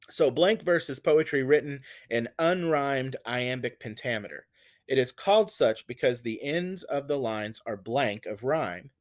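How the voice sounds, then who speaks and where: A man giving a recorded literature lecture, patiently explaining poetic meter and reassuring his students. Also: mid-range voice. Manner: patient and reassuring, slow and deliberate, counts out stresses. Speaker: literature teacher.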